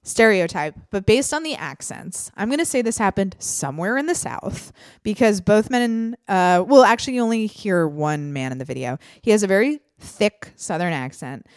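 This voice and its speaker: A woman's voice: mid-range voice, sing-song, normal speed, dry recording, studio quality. A woman hosting a podcast in casual chat, talking freely with frequent laughs and fillers. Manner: chatty, laughs often, lots of fillers. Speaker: podcast host.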